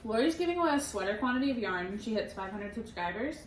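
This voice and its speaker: Lively young woman, bright pitch, echoey room. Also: fast talker. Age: young adult. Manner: upbeat, playful, chimes in often. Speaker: podcast co-host. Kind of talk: casual chat. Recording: echoey room with faint noise.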